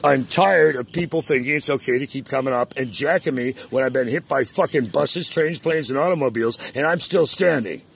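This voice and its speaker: A man's voice: medium pitch, brisk, vocal fry, hardly any pauses, slightly rough. A man in an agitated, profane, boastful rant on a call, swearing constantly and making threats.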